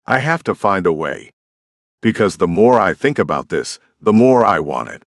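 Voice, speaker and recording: A man narrating a first-person romance audiobook in an expressive, conversational storytelling manner. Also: sits low, normal speed, dry recording, studio quality.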